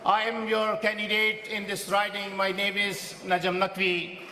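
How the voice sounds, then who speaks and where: A man, a local candidate, opening a rally speech with a formal, slightly halting delivery. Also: sits high, completely flat delivery, background noise. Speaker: local candidate introducing the speaker. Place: large indoor rally hall. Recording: echoey hall with loud crowd.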